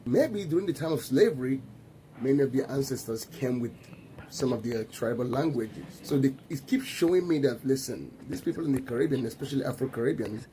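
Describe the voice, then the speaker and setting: Nigerian man, animated chat, warm low tone, faint noise behind. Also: brisk, poor audio. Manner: excited, animated storytelling. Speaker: commentator. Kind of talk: casual commentary to camera.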